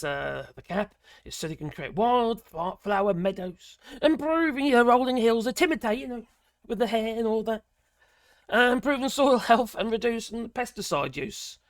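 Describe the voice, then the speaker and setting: A middle-aged British woman with a fairly high voice rants about a news article, sarcastic and indignant, dropping in bursts of mild swearing. It's an animated tirade, her voice leaping up whenever she gets outraged. The recording is clean, studio-grade, with no room sound.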